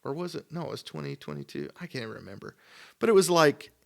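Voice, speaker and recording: A man's voice: on the high side, wildly swooping pitch, quick pace, gravelly. A man from Idaho, a sculptor telling stories on a podcast in a rambling, enthusiastic way, full of "like" and quoted back-and-forth. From Idaho, USA. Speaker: guest sculptor. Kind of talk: casual podcast storytelling. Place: podcast studio.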